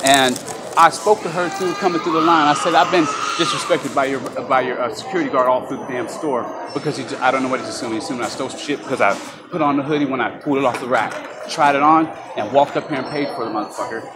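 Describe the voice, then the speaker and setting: A man filming himself on a phone in a large store, heated and profane in an angry confrontation. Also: medium pitch. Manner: heated, profane, fast-talking. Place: large retail store indoors. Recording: loud store noise behind. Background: store ambience.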